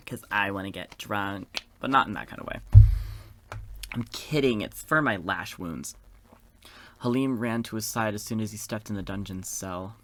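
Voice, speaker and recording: A man's voice: fairly low pitch, lively intonation, normal speed, creaky, pushed and bright, slight background noise. A man hosting a gaming video, reading a visual novel aloud and breaking off for sassy, campy, profane asides.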